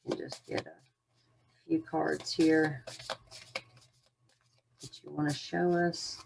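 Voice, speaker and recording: A woman's voice: deep voice, little pitch movement, slow, vocal fry, darkish tone, slight background noise. A woman giving an unscripted oracle card reading to her viewers, musing in a meandering way with many fillers.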